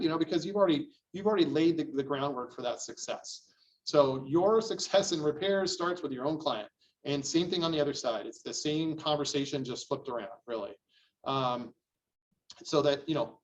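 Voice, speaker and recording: A middle-aged man teaching real estate agents in a loose, animated way, often jumping into a higher voice to act out his clients. His voice sits a bit high for a man. He sounds set back from the mic, and the recording is a little dull. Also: brisk, far from the mic. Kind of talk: training lecture.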